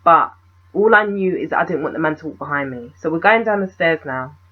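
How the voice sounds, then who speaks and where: Husky-voiced woman telling a story. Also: deep voice, fairly quick, muffled recording. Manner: animated retelling full of rhetorical questions. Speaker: vlogger. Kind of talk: storytime vlog.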